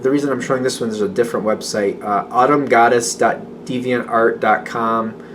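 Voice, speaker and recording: Male tarot reader, mid pitch, chatty and excitable, rambles and self-corrects. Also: a little fast, a little hiss or hum. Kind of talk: casual tarot reading.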